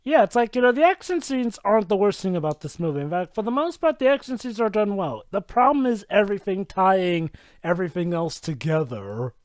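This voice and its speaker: A man's voice: sits high, lively intonation, brisk, few pauses, smooth, dry recording. A man co-hosting a casual movie commentary, full of teasing jokes. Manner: teasing, jokey remarks. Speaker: podcast co-host.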